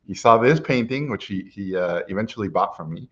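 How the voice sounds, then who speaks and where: A middle-aged man telling a personal story in a lively way, acting out what people said to him, with frequent "uh"s. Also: lowish voice, brisk, lo-fi sound. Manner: lively anecdotal, acts out quotes, frequent "uh". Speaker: animation guest speaker.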